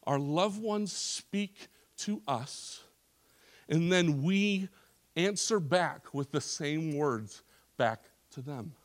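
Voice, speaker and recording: A man's voice: on the high side, animated, very slow. A male pastor preaching a sermon in a church service, emphatic, with frequent restarts and repeated phrases.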